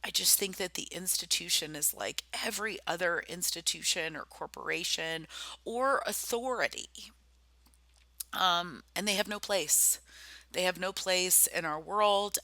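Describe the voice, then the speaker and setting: A woman's voice: fairly low pitch, measured pace, bright, forceful tone, no echo. A middle-aged woman giving a rambling personal slideshow presentation, full of ums and self-corrections.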